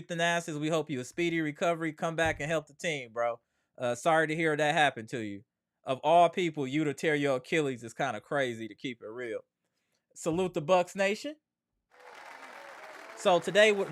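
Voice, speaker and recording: A man's voice: on the high side, smooth, no room sound, studio quality. A man hosting a casual sports livestream, slangy and trash-talking as he greets chat viewers by name. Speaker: sports channel host.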